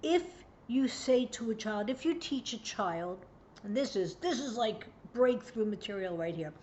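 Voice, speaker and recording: A woman's voice: on the high side, expressive, measured pace, a little mellow. Emphatic woman in her sixties teaching parents. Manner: earnest, emphatic, acts out parent and child voices. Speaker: parenting educator. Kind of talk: direct-to-camera parenting lesson. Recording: dull lo-fi sound, faint background hum.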